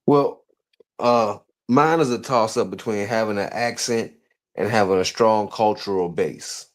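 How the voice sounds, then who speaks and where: A man's voice: fairly low pitch, unhurried. A man co-hosting a podcast in heated casual chat, speaking African American English in a profane, blunt way that turns defensive when pushed. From United States. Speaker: podcast co-host.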